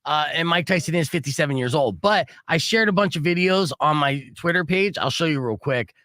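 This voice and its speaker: A male radio host who talks casually and relaxed, swearing now and then. His voice is bright and a bit high, recorded dry and close in the studio. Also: a little fast, no echo.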